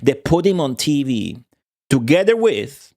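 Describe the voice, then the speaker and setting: A man's voice: fairly high pitch, very animated, measured pace, darkish tone. A young man, telling a long, profane story to his stream viewers in a rambling, laughing way. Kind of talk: casual rant to stream viewers.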